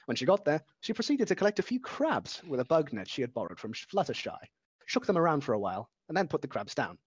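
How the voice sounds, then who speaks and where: A man's voice: a little high, big pitch swings, fast, husky, highs cut off. A man reading a story aloud in a casual, unpolished way, stumbling over words and restarting them as he goes. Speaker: amateur reader.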